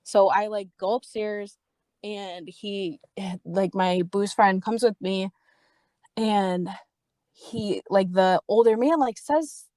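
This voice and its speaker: A young woman hosting a podcast tells a story in a casual, heated way, swearing freely, saying "like" a lot, and raising her pitch to act out other people's dialogue. She speaks slowly in a slightly mellow voice, recorded dry.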